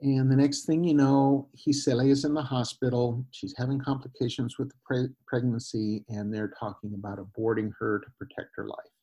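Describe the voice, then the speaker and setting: Husky-voiced man telling a story. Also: mid-range voice, normal speed, hardly any pauses, lo-fi sound. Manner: animated retelling with quoted voices, laughs, frequent restarts. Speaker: guest, former missionary. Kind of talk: conversational storytelling.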